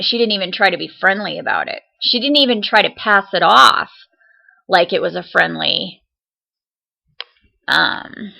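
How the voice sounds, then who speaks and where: A woman vlogs a casual rant, chatty and indignant, circling back with fillers and restarts. Her voice has a gravelly, fry-laden edge. The sound is dull and lo-fi, like a basic webcam mic. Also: mid-range voice, sharp tone. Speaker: vlogger.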